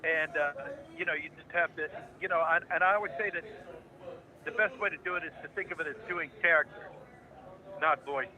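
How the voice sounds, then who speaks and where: An older man in his seventies, originally from Ohio, speaking with a very bright, forceful edge. He is a guest in a relaxed interview, spinning jokey anecdotes like a practiced raconteur, his voice sitting a little above the usual male pitch. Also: fairly quick, poor audio. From Ohio, United States. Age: 70s. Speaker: guest voice actor. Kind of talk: casual interview storytelling.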